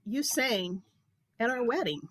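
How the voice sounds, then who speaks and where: A woman's voice: fairly high pitch, animated, a little slow, a bit bright, no echo. A woman hosting an interview talk show, chatting casually and asking about her guest's life.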